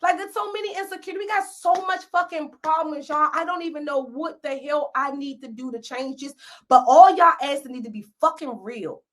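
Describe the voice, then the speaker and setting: Woman podcaster going off on her listeners, cussing, scolding, kinda high voice, loud then hushed. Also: a little fast. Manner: blunt, profane, scolding; emphatic, swinging from loud to hushed. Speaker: podcast host. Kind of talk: unscripted rant to listeners.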